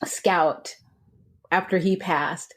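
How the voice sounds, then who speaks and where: A woman with a lowish, steady voice draws out her words as she co-hosts a podcast. The chat is casual and free-flowing, full of laughter and trailing restarts.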